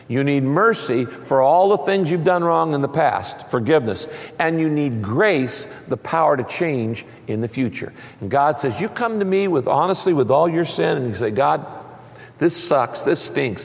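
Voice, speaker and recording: Gravelly preaching man in a hall. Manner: emphatic preaching with dramatic pitch swings. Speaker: pastor. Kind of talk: sermon. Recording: long reverb of a large hall.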